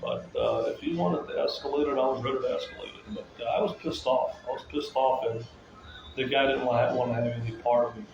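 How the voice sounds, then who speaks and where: A man's voice: medium pitch, lively intonation, fairly quick, vocal fry, music in the background. A man talking casually to viewers in a rambling, repetitive rant, circling back to the same phrases. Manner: agitated, ranting. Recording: echoey, muffled, with loud room ambience.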